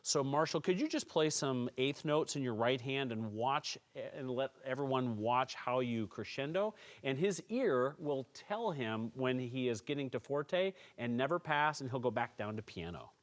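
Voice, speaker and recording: A man giving a calm, encouraging music lesson, explaining percussion technique step by step to students. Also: medium pitch, normal speed, hardly any pauses. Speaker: music teacher. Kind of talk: instructional tutorial.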